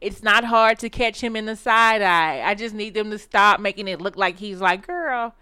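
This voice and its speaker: A woman's voice: mid-range voice, fairly even intonation, moderate pace, pushed and bright, clear, resonant tone, dry recording, clean studio sound. A woman co-hosting a podcast recap, chatting casually, laughing often and restarting her sentences. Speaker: podcast co-host.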